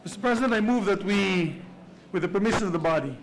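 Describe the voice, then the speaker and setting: A man's voice: sits high, expressive, quick pace, gravelly, slight background noise, rough recording. A man, speaking as majority leader in a formal floor speech, with frequent hesitations. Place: legislative chamber.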